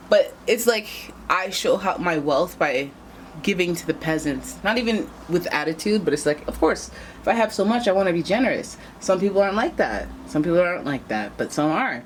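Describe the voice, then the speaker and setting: A woman with a low voice reads tarot cards in a casual, chatty way. She talks straight to her viewers and wanders into playful asides, with a faint hiss in the background. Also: big pitch swings, moderate pace. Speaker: tarot reader. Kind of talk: casual tarot reading to camera.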